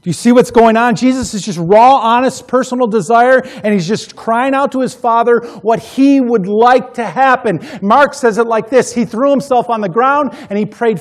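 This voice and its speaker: A male pastor preaching a sermon, emphatic, repeating key phrases and swinging between loud passages and hushed ones. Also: very high-pitched, moderate pace, few pauses.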